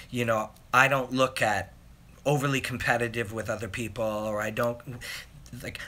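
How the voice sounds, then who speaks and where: A man in his forties with a bright, forceful voice, chatting through a live stream Q&A. He rambles, reads viewers' questions aloud and pokes fun at himself. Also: mid-range voice. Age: 40s. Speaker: host. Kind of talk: live Q&A chat.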